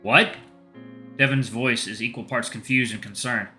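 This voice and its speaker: A male let's play host reading a visual novel aloud with steady storytelling. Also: medium pitch, a little fast, soft background music.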